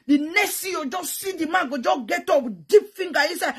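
A young woman with a Nigerian Pidgin English accent, talking frankly and bluntly to her viewers, with loud bursts and sound effects. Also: high-pitched, lively intonation, fairly quick, few pauses, soft background music. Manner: blunt and teasing. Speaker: vlogger. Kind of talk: frank casual talk to viewers.

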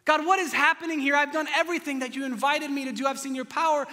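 A man voicing a desperate, anguished male prophet who pleads loudly with God in a dramatized sermon quote. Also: very high voice, fairly even intonation, quick pace, pitched above the performer's own voice. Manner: strained, pleading and loud. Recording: long church reverb.

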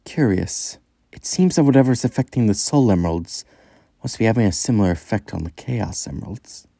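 A man voicing a composed, strategic female cat warrior who talks briskly and matter-of-factly. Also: lowish voice, lively intonation, gravelly, dark tone, dry recording. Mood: focused.

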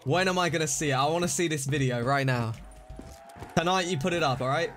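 A man streaming a zombie game live, reacting excitably, scolding himself and thanking donors. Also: a little high, fast. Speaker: livestreamer. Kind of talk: live gameplay commentary. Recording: music playing behind voice. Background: game music and gunfire.

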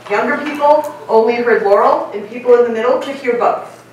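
A woman's voice: fairly high pitch, brisk, slight background noise. Woman lecturing in an echoey hall. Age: middle-aged. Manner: lively, engaging, asks audience questions. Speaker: keynote speaker. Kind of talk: conference keynote talk. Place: large conference hall. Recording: echoey hall, mic from far off.

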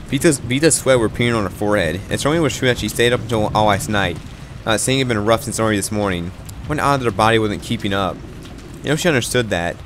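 A man's voice: lowish voice, a bit bright, slight background noise. A man narrating an amateur visual novel reading who stumbles and repeats words as he goes.

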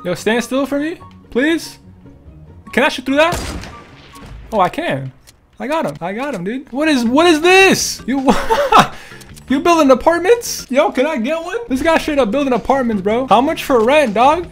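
A man's voice: very high-pitched, very animated, unhurried, faint music behind. A young man giving casual, joking commentary while he plays a game and talks to other players and viewers. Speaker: gaming streamer.

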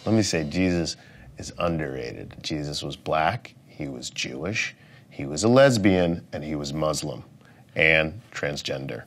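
A man in his thirties doing a comedic rant, profane, jumping between loud outbursts and mumbled asides. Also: rumbling low, lively intonation, unhurried, a little hiss or hum. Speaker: comedian rating things as overrated or underrated.

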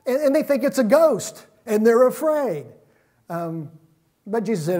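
Guy preaching in church, kinda high voice but soft and mellow, just chatting through the stories. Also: sing-song, measured pace. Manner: conversational storytelling preaching. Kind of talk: sermon.

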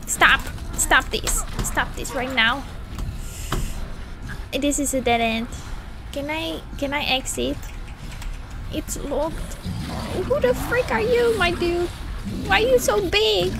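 A woman streamer doing panicky let's play commentary of a horror game, exclaiming and talking slowly between scares. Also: high voice. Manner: slow, drawn-out talk.

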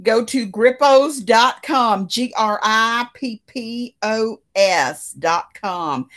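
Slow and a bit bright, her medium-pitched voice carries a laid-back crochet stream filmed in her living room. She keeps up a chatty conversation with live viewers, reads their comments, and laughs a lot.

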